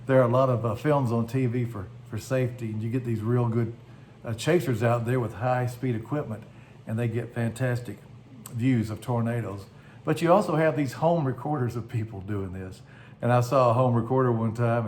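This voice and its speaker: A man's voice: medium pitch, a little mellow, slight background noise. A man pastor giving a short devotional message, telling stories in a folksy way that livens up at dramatic moments.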